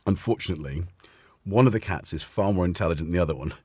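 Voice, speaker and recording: In a room at home, a man hosts a casual livestream, talking fast in a deep, darkish voice. He rambles and stumbles over his words, using a desk mic with headphones.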